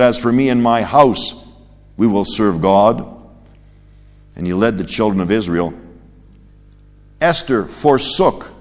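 With long hall reverb around him, a man preaches a sermon animatedly, rising to loud, emphatic peaks and dropping into quiet, low asides.

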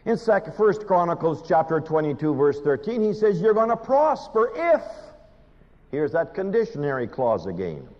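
A man preaching a sermon, animated and pleading, with dramatic pauses. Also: on the high side. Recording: muffled hall recording with long reverb.

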